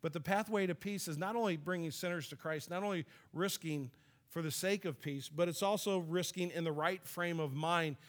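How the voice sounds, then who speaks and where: A man's voice: a little high, normal speed. A middle-aged man preaching a sermon in a conversational, storytelling way. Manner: conversational, storytelling, with light laughs and restarts. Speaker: pastor.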